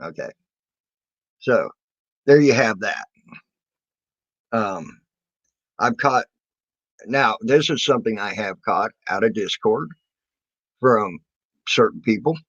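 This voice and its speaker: A man's voice: on the low side, lively intonation, takes it slowly, pauses often, fairly bright tone, slightly rough, no room sound. Rambling man in a dull, dry recording. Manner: rambling and defensive, full of fillers and restarts. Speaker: video maker answering his community. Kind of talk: casual monologue to viewers.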